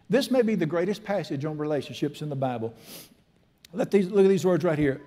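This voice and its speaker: A man's voice: high voice, animated, quick pace, dark tone. A man, preaching a sermon in an emphatic, folksy, storytelling way with humor. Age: 60s. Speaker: pastor.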